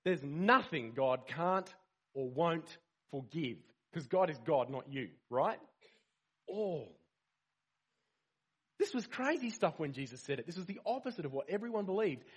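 A man preaching to a congregation in a relaxed, conversational way. His voice sits a touch high for a man and has a husky, slightly breathy edge. He keeps asking the room questions and leans hard on the words he wants to land. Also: unhurried. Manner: conversational, rhetorical questions, animated emphasis. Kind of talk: sermon.

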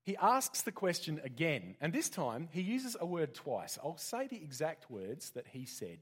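A man's voice: fairly high pitch, very animated, a little slow, a bit bright, breathy edge. A man preaching an interactive sermon in a church, joking and putting questions to the congregation. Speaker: pastor.

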